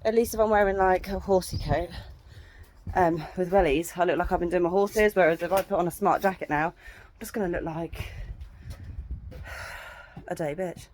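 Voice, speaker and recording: A woman's voice: lowish voice, normal speed, long pauses, a little mellow, slight background noise. A woman in her thirties, a horse owner, chatting bluntly and swearing freely in a casual ranting vlog from an outdoor yard.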